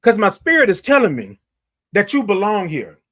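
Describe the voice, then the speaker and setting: On his morning show, a man preaches a motivational monologue to his listeners, addressing them as "y'all" and repeating key lines for weight. His high, light voice is fairly bright, swings hugely in pitch, and moves at normal speed.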